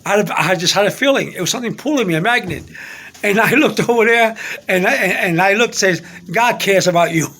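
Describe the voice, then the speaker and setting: A man telling a personal faith story in a rambling, halting way, repeating himself and restarting often. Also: sits high, expressive, pushed and bright.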